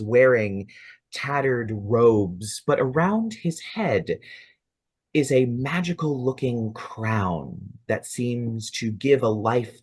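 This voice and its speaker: Running a tabletop RPG session, this game master speaks at medium pitch. His scene narration is measured and richly descriptive.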